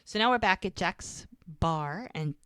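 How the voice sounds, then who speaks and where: A woman's voice: fairly low pitch, clean tone, no echo, clean studio sound. A woman co-hosting a podcast, casually retelling a TV episode scene by scene and quoting the characters. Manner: animated retelling, quoting characters with quick voice shifts. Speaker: podcast co-host recapping episodes. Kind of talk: casual recap chat.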